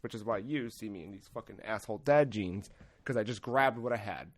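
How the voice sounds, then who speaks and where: A podcast host with a lowish voice talks briskly as he tells a story. He's casual, profane and animated, acting out the people he quotes.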